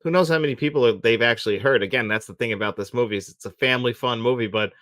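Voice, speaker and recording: A man's voice: medium pitch, rapid-fire, fairly bright tone, dry recording, studio quality. A man co-hosting a film podcast, talking casually and laughing often. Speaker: podcast co-host.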